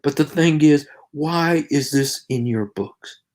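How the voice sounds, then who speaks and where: A man hosting a casual livestream, talking in a halting, rambling way with many fillers and restarts. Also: on the high side, a little mellow. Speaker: livestream host.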